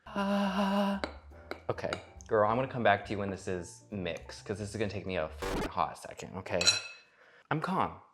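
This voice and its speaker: A man's voice: on the low side, lively intonation, moderate pace, very noisy. Sarcastic, swearing man in a cooking vlog. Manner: sarcastic, profane, theatrical asides. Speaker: cooking vlogger. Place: home kitchen. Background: faint music.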